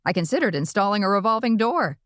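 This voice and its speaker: A woman's voice: mid-range voice, sing-song, fast, a bit bright, no echo. A brash old witch grandmother working a stand-up crowd with bawdy, brassy timing, as a woman narrator puts her on. Her lines punch upward at the jokes. The reading is close and dry. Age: older. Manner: brassy, bawdy comic delivery.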